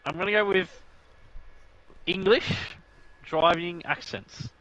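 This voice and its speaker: A man's voice: high-pitched, takes it slowly, fairly bright tone, dull audio. An Australian man chatting casually as a stream co-host, laid-back and calling everyone "mate". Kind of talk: casual chat over racing commentary.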